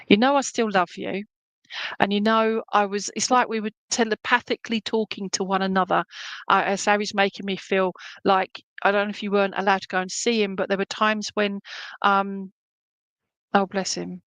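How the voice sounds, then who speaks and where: A woman's voice: medium pitch, fairly bright tone, no room sound. A woman giving a clairvoyant reading at an online church service, chatty and reassuring, with many fillers and restarts. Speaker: medium at a spiritualist church.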